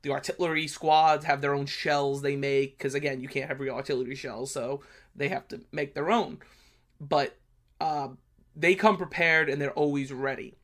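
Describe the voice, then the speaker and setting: A man's voice: a little high, steady tone, moderate pace, fairly bright tone. A man with a blunt New York accent, hosting a history channel and casually talking through a movie review. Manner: blunt, brash, chatty with many fillers.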